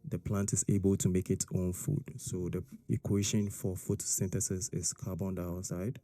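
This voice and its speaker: A man's voice: sits low, flat delivery, normal speed, dark tone. A man explaining a science lesson step by step, checking in often with "all right?" and "okay?". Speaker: science teacher.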